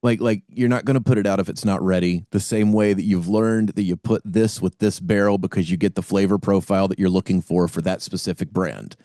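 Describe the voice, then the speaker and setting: A man's voice: low-pitched, steady tone, a little fast, few pauses, warm tone, no echo, clean studio sound. A man hosting a podcast interview, enthusiastic and often restarting his sentences. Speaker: podcast host.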